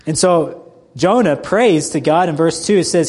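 A man's voice: a little high, normal speed, darkish tone. A man preaching a sermon as a pastor, emphatic and full of rhetorical questions to his listeners.

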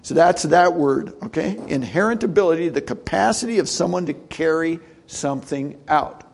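A man's voice: a little high, animated, normal speed, gravelly, a little mellow, breathy edge. A middle-aged man giving a conversational sermon, full of asides and rhetorical questions to his listeners. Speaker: preacher.

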